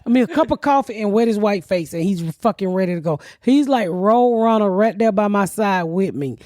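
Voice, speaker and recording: A woman's voice: medium pitch, lively intonation, brisk, warm tone, no echo. A middle-aged woman hosting a podcast, telling stories in a brash, profane way with lots of laughter. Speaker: podcast host. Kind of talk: casual podcast chat.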